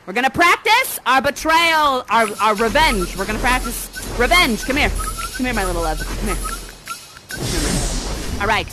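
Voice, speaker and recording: A woman's voice: on the high side, big pitch swings, moderate pace, music in the background. A woman playing an exiled mother sorceress in live interactive theater, coaxing and playfully dramatic, doting on her audience. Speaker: immersive theater actor.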